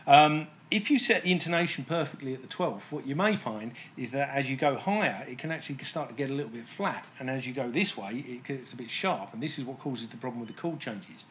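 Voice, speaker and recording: A man's voice: mid-range voice, expressive, fairly quick, hardly any pauses, a bit bright, slight background noise. A man working as a guitar technician, explaining intonation fixes in a plain, methodical way with frequent fillers. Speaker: guitar tech.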